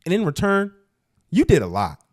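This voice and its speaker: A man's voice: sits high, huge pitch swings, a little mellow. A man voicing a prim, offended young woman. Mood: indignant. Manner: prim, measured reading voice. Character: offended young woman reading her own complaint.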